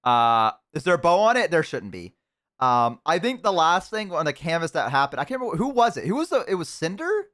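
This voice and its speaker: A man's voice: a little high, big pitch swings, fairly quick, fairly bright tone. A man streaming, chatting casually with his viewers while eating, rambling with lots of fillers and restarts. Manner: rambling, self-deprecating, many fillers and restarts.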